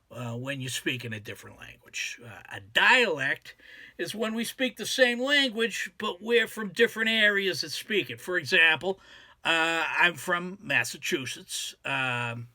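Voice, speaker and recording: A man doing a brash Boston loudmouth. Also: on the high side, no echo, exaggerated voice. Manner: rambling, filler-heavy, chummy. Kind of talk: comic character recap of a lesson.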